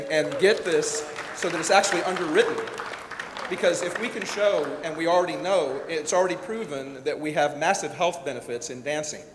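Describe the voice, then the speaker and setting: A director-producer speaking at an event gives a candid, emotional speech to an audience in a large hall, his voice slightly high. He's personal and rambles with restarts. The hall is echoey, with a faint rumble underneath.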